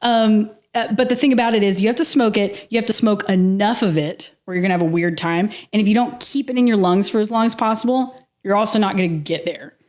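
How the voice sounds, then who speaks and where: Animated woman telling a vivid story. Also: medium pitch, fast talker, hardly any pauses. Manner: animated, vivid storytelling with frequent laughs and casual swearing. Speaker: podcast guest. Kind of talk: telling a personal story in a casual interview.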